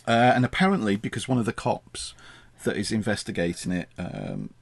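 Guy rambling through a film recap, husky voice, pitch jumps around a lot. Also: huge pitch swings, a little fast, no room sound. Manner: wry, laughs often, rambling retelling. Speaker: podcast co-host. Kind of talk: casual chat reviewing a film.

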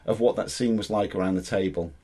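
A man's voice: lowish voice, quick pace, dark tone, husky. A man co-hosting a casual film review podcast, joking and laughing through banter. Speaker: podcast co-host.

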